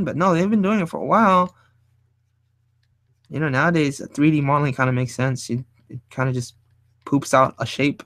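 Man, casual art tutorial, rambling, word-searching, sometimes low, mid-pitched, dry close mic. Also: a little fast, no echo. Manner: rambling, searches for words, thinks aloud; speaks fairly low and quiet at times. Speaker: artist teaching design. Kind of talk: casual drawing tutorial talk.

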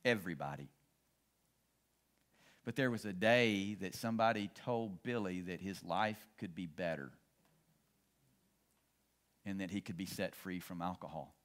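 A man's voice: low-pitched, measured pace, pauses often. Storytelling man preaching a sermon. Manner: storytelling preacher, swings between excited and hushed. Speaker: pastor.

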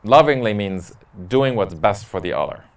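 Answering a parish group's questions, this priest is an easygoing storyteller who cracks jokes and chuckles at his own tales. He speaks at a normal speed in an animated, lowish voice, picked up by a distant mic.

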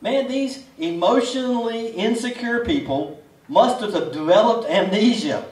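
A high-pitched male preacher delivers a folksy, conversational sermon, asking the congregation question after question. His voice sounds roomy and echoing, picked up from a fair distance away from the mic. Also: lively intonation, unhurried. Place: outdoor drive-in church service.

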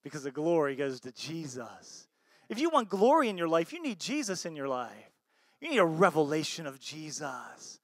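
An American man preaching a sermon as pastor, swinging between loud emphatic bursts and low soft asides, and often asking the congregation questions. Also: very animated, moderate pace, dry recording, clean studio sound. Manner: asks the congregation rhetorical questions.

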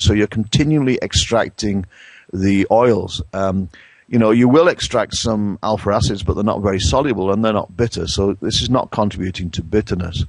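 A middle-aged man with an English accent, a brewing science professor explaining things in a conversational interview, pausing and restarting often. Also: fairly low pitch, slightly rough, no room sound. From England. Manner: hesitant, many restarts and fillers.

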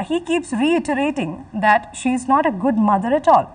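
A woman giving a literature lecture, explaining slowly and repeating her phrases, and acting out lines from the text. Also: high voice, expressive, distant mic, poor audio. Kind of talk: recorded lecture.

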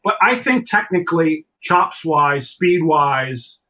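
A middle-aged man telling a story as a podcast guest, animated and swearing freely as he acts out other people's lines. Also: a little high, takes it slowly, rough recording. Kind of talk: casual storytelling.

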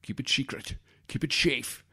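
A man doing a Scottish-accented impression of an older male dragon in a gravelly, mock-grand voice. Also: mid-range voice, moderate pace, sharp tone, pitched above the performer's own voice, exaggerated voice.

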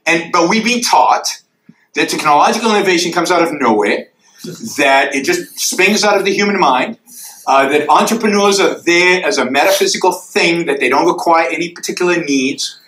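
A man with a high, bright, forceful voice gives an emphatic answer in a lecture Q&A. He drives his points home with repeated rhetorical questions. The sound is roomy and echoey, as from a lecture hall. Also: normal speed, slight background noise. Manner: emphatic, drawing graphs in the air for the audience.

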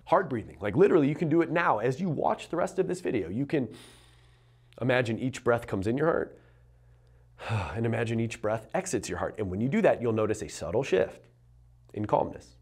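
An earnest male coach speaks straight to camera in a motivational talk. His voice sits at an ordinary middle pitch, and he leans hard on his words. He slows right down whenever he wants a point to land. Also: sing-song, slightly rough. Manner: earnest, emphatic, slows down on key phrases. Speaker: entrepreneurship and mindset coach.

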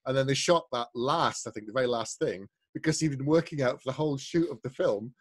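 A man's voice: mid-range voice, a little fast. A man co-hosting a casual film review chat, telling stories and acting out quoted lines. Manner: chatty storyteller, acts out quotes. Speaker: podcast co-host.

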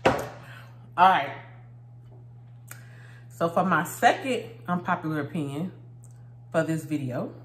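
A woman chats and laughs her way through a meal for her phone camera. Her voice sits on the low side, and the room around her sounds noticeably echoey. She keeps it loose and conversational, like she's talking to friends. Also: expressive, takes it slowly, pauses often, a little hiss or hum. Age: adult, married. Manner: chatty, laughs often, talks while eating. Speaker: vlogger. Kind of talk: casual mukbang chat.

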